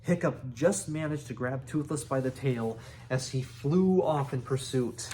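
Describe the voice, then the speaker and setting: A man reading a children's book aloud, unhurried, with restarts and small asides. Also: medium pitch, warm tone, slight background noise. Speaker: reader.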